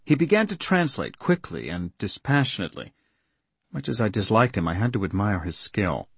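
A man narrating a story in the first person with an earnest, steady storytelling manner. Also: on the low side, moderate pace, slightly rough, dry recording. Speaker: audiobook narrator.

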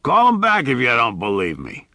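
A man's voice: mid-range voice, huge pitch swings, moderate pace, sharp tone, no echo, clean studio sound. A man voicing a blunt, insistent older father passing on news.

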